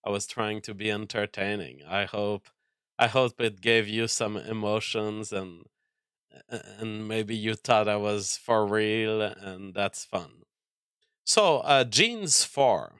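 Stream host, male, slow deliberate delivery, bright tense tone, mock-outraged and profane, repeats words as he restarts. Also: fairly low pitch, smooth, no echo, studio quality. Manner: mock-angry ranting, profane, stammering restarts. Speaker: livestream host reading chat. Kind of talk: casual livestream chat.

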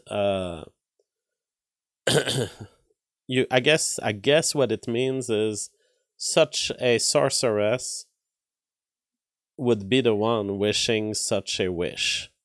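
Man, French accent, native French speaker, live news commentary, low pitch, dry sound, halting with fillers. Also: no echo. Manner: thinking aloud with many fillers and restarts. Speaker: streamer covering news.

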